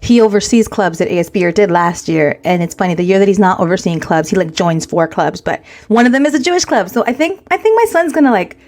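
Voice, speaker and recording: A woman in her forties co-hosting a casual podcast chat, telling animated stories and slipping Spanish words into her English. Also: mid-range voice, quick pace, hardly any pauses. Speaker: podcast co-host.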